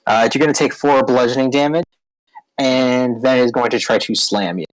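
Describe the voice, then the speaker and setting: A man running a tabletop game as dungeon master, talking haltingly with many ums and uhs. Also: mid-range voice, dry recording, rough recording.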